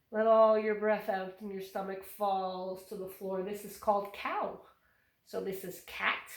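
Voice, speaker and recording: Speaking slowly in a steady, medium-pitched voice, a yoga teacher calls out poses to a class of small children. Her step-by-step instructions are cheerful and encouraging. She's recorded from some distance by a camera mic in an echoey room.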